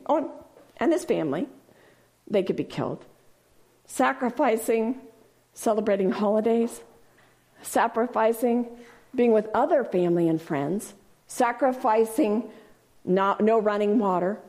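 Woman, sermon, scripture reading, slow delivery, emphatic repetition. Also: mid-range voice, darkish tone. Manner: reads scripture aloud, then repeats key phrases with emphasis; calls on listeners to repeat after her. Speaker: Bible study teacher.

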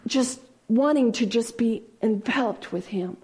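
A woman's voice: fairly high pitch, measured pace, darkish tone. A woman teaching from the Bible, reading verses aloud and repeating key phrases for emphasis, asking listeners to repeat after her. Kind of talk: sermon.

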